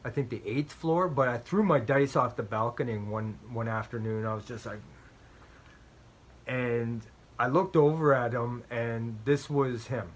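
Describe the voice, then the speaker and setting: Speaking at a measured pace with a medium pitch, this man runs a strategy game channel and walks through his play conversationally, poking fun at himself and telling personal stories. He tends to close points with "right?" and repeats phrases to stress them.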